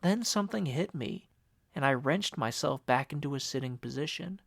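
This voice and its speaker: A man's voice: fairly high pitch, animated, moderate pace, gravelly, fairly bright tone, no room sound, studio quality. A man narrating an audiobook in the first person, emotional and upset.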